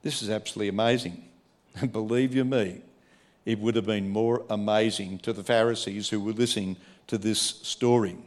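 A man's voice: fairly low pitch, steady tone, moderate pace. Emphatic preacher man. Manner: emphatic, swings from quiet asides to raised preaching. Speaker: pastor. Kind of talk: sermon.

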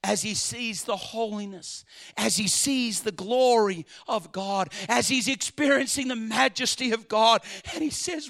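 A man preaching a sermon, swinging dramatically between shouted lines and hushed ones. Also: high voice, animated, a little slow, vocal fry.

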